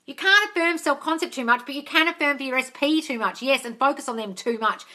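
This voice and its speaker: A woman's voice: sits high, fast talker, sharp tone. A woman hosting a casual live-stream Q&A as a manifesting coach, answering questions bluntly, swearing freely and calling listeners darling.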